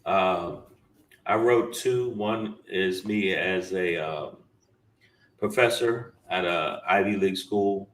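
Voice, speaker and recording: A man's voice: low-pitched, takes it slowly. A man, a comedian guest, talking casually in an interview and joking, sometimes slipping into mock voices.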